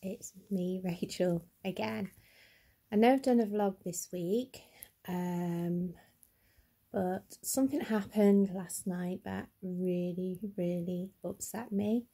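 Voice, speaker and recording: Upset woman vlogger, slow and husky. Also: on the low side, warm tone. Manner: earnest, halting, stammers when upset. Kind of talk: personal vlog to camera.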